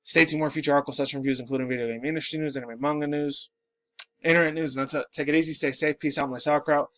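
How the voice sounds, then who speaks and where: A man's voice: fairly high pitch, fairly even intonation, rapid-fire, a bit bright. A man in his late twenties, just woken up and groggy, ranting and rambling in a profane, casual commentary. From New York City. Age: late 20s. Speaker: pop culture vlogger.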